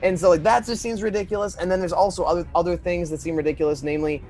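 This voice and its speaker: A man co-hosting a casual podcast, rambling and animated, often acting out quoted lines. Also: sits high, racing, slight background noise. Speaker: podcast co-host.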